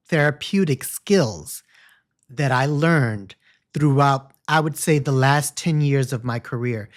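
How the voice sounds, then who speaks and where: A hairstylist in his forties telling a candid personal story, often repeating words and breaking off mid-word to correct himself. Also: on the high side.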